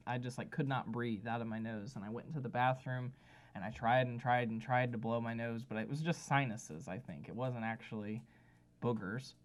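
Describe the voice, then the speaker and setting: A man co-hosting a podcast, talking in a relaxed, casual way and often giving short agreeing replies. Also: mid-range voice. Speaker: podcast co-host. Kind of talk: casual chat.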